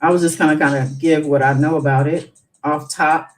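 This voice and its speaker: A woman's voice: low-pitched, fairly even intonation, fairly quick, low-quality recording. A woman hosting a casual live stream, chatting and musing as she reads news aloud with her own asides.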